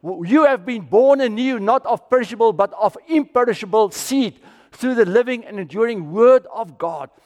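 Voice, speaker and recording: Male preacher from South Africa, high voice, long hall echo, dramatic dynamic drops. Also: expressive, normal speed, muffled recording. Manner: dramatic swings from loud to near-whisper. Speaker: pastor. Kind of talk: sermon.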